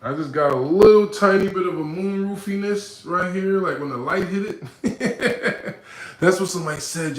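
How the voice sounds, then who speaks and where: Man streamer, a bit high-pitched, playful and laughing as he reads chat; echoey room. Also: normal speed. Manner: animated, laughing, playful banter. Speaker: livestream host. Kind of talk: casual live chat reading viewer comments.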